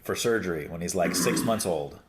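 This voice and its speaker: A man's voice: deep voice, brisk, noisy background. A middle-aged man hosting a podcast, chatting casually with lots of fillers and restarts, acting out what people said. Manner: rambling, many fillers and restarts, acts out quotes. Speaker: podcast host. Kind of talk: casual conversation.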